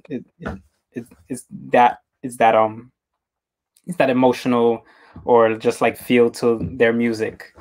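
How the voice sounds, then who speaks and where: A man hosting an interview, talking casually in halting, rambling sentences with many repeated words. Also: mid-range voice. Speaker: interview host.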